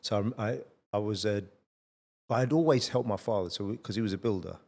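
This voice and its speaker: Blunt, low-voiced man telling stories. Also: brisk. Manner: blunt, swears freely, energetic anecdotes. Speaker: podcast host. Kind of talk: casual conversational storytelling.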